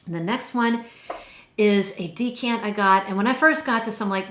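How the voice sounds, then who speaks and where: A chatty, enthusiastic woman talks through her perfume collection and draws out her descriptive words. Her voice sits at a middle pitch. It has a roomy echo around it. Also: normal speed, a bit bright. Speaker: perfume reviewer. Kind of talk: casual product review.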